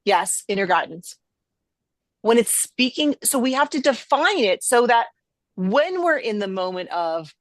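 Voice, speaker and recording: A woman's voice: fairly high pitch, lively intonation, normal speed, no room sound. A middle-aged woman hosting a podcast, talking emphatically in a conversational teaching style and acting out quoted voices. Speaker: podcast host.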